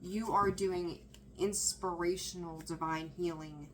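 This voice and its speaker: Lady doing a chatty tarot reading, excited, keeps cutting herself off, faint noise behind. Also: on the low side, slow pace, low-quality recording. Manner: chatty, excitable, laughs and trails off mid-sentence. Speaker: tarot reader. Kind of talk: casual tarot reading to camera.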